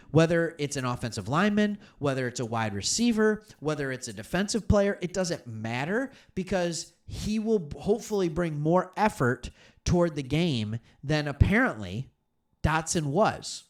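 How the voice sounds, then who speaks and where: A man hosting a solo sports talk show, emphatic and animated, speaking straight to his viewers. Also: fairly high pitch, normal speed. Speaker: sports commentary host.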